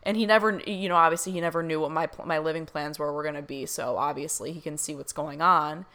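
Young woman vlogger, casual and gushing, bright tone, slightly low pitch. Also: fast. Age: young adult. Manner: excited, gushing, many fillers. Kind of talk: casual storytelling to camera.

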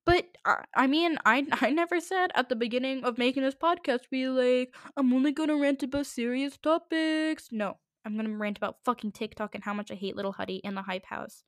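A teenage girl hosting a solo podcast, ranting quickly and in exasperation, with many asides. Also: on the high side, dry recording, clean studio sound. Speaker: podcast host.

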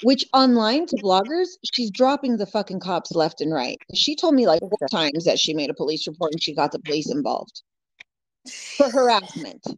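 A woman's voice: on the low side, sing-song, normal speed, no echo. Blunt woman, swearing freely. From California. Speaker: guest. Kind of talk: casual chat. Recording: dull lo-fi dry audio.

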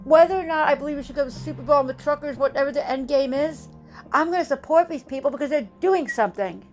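A woman with a fairly high voice speaks straight to her viewers in an impassioned monologue. She is emphatic and rousing, hammers her points home with repetition, and sinks into a low, grave tone when she warns. Soft music plays faintly behind her. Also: fast talker. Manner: emphatic, rousing, repeats lines for effect.

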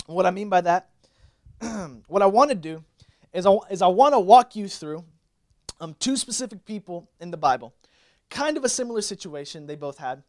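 A young man delivers a youth sermon with a slightly higher-than-usual voice. His talk is casual and animated, loose with fillers and restarts, and he acts out the lines of the people he talks about. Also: moderate pace. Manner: casual, animated preaching with many fillers and acted-out quotes. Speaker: youth pastor.

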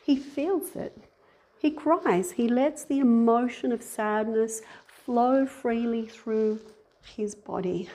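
A woman giving a conversational sermon, animated, acting out little voices and laughing at herself. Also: fairly high pitch, takes it slowly. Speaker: speaker giving a talk.

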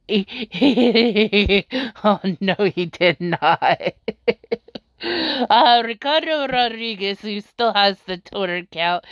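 A woman's voice: medium pitch, no room sound. A woman hosting a podcast, reading out tweets in casual chat and laughing often in amused disbelief. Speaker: podcast host.

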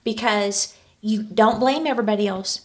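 A woman's voice: mid-range voice, normal speed. A woman in her thirties co-hosting a podcast, chatty and steering the talk with questions. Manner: chatty, guides the topic with questions, laughs easily. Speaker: podcast co-host. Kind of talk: casual podcast conversation.

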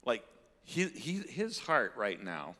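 A man teaching about faith in a casual conversation, expressive as he points things out to those listening. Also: medium pitch, slow pace, in a large hall. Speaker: ministry teacher.

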